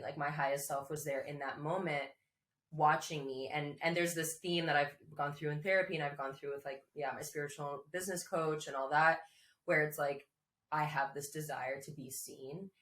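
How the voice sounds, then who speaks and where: A woman's voice: low voice, normal speed, a bit bright. A woman guest telling a personal story in a chatty way, full of likes and restarts and frequent laughs. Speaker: podcast guest. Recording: echoey room.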